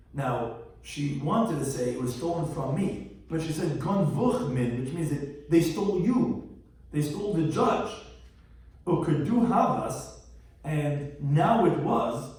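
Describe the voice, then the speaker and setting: A man's voice: fairly high pitch, a little mellow. A man gives a Talmud lesson, singing out each Aramaic phrase before translating it and adding a quip. His slightly raised voice carries through a heavily reverberant classroom. The mic sits well back from him. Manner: explains Aramaic phrases line by line, chanting the original then translating, with quips. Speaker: rabbi teaching Talmud. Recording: very echoey room, distant mic.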